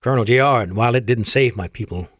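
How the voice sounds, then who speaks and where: A man voicing an ancient, courteous alien admiral with an Afrikaans-tinged accent and formal, measured speech. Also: medium pitch, no room sound, clean studio sound, natural voice. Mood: grave.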